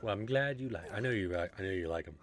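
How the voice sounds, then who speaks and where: A young man streaming, chatting casually with viewers in a relaxed, rambling way. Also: sits low, fast talker, slight background noise.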